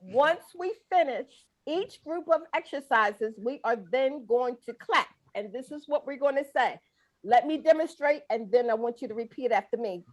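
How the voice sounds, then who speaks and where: A middle-aged woman runs a guided breathing and laughter class on a video call as the instructor. Her high voice is animated and moves at a moderate pace, playful, folksy and coaxing.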